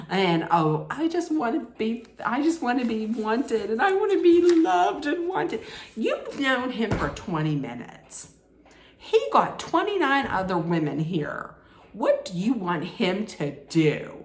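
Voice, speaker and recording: A woman recapping a reality show in a casual, sarcastic way, laughing at her own jokes. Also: on the low side. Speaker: recap vlogger. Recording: echoey room.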